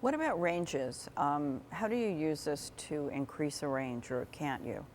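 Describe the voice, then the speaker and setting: A woman with a low voice hosts a television interview, putting her questions to a guest with some hesitation and fillers. A faint layer of noise runs under her voice. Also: expressive, measured pace, darkish tone. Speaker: TV talk show host.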